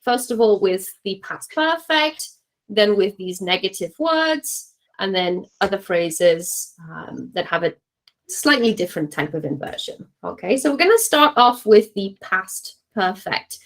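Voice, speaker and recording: A woman's voice: mid-range voice, sing-song, measured pace, low-quality recording. A woman teaching a class to exam students, keeping it light and encouraging and checking in with "okay?" after nearly every point. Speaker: English teacher.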